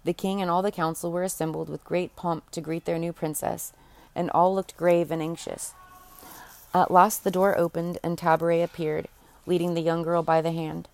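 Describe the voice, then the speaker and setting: A woman's voice: lowish voice, little pitch movement, normal speed, creaky, a little mellow. A woman reading a fairy tale aloud in an unpolished way, stopping to restart and correct herself. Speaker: audiobook reader. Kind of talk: storybook narration.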